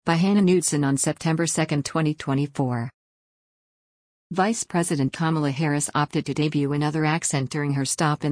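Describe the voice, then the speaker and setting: A woman reads a news article aloud in a steady, scripted manner. Her voice sits low for a woman. The recording is dry and close, with no room echo.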